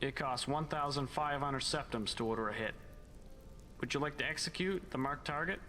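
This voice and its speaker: An actor playing a calm, businesslike male assassin broker in a video game, measured and cold. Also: medium pitch, close to an everyday voice. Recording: long reverb, game audio with rain and music.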